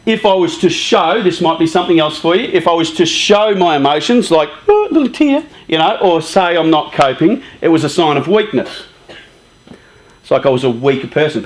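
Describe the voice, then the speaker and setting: A man in his fifties giving a conversational, joking talk to a live youth group, often asking the audience questions. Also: fairly high pitch. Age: 50s. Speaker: youth charity speaker.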